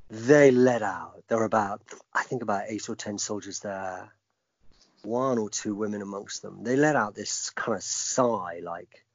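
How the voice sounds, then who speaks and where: A middle-aged man with a lowish voice tells a personal story as an interview guest, emphatic and reflective, acting out quoted speech. The recording is dull, lo-fi and dry, with no echo.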